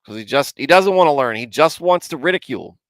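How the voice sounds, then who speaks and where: A man's voice: on the high side, animated, fast, no echo, clean studio sound. A man in his forties hosting a casual Bible commentary livestream, self-deprecating and candid as he answers his chat. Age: 40s. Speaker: host of a Bible commentary show.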